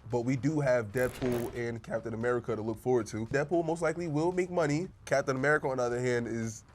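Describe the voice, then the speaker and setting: A man's voice: mid-range voice, fast, slight background noise. A man co-hosting a podcast, talking in a laid-back, teasing, slangy way. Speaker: podcast co-host. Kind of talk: casual pop-culture chat.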